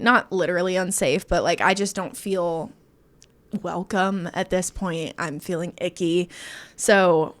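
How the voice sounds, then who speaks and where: A woman's voice: lowish voice, measured pace, bright, forceful tone. A woman co-hosting a podcast, telling a personal story in casual chat, acting out quotes and laughing often.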